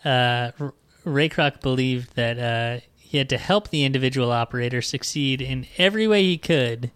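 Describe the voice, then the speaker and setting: Profane ranting podcast host, smooth dry voice. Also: male voice, medium pitch, moderate pace, fairly bright tone, dry recording. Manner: profane, ranting, reads book passages aloud. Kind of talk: casual comedic book discussion.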